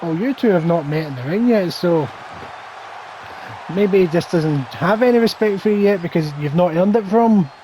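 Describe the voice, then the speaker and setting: A man's voice: high voice, lively intonation, normal speed, mellow, slight background noise, rough recording. A man doing play-by-play commentary over a wrestling video game, with wry, teasing banter.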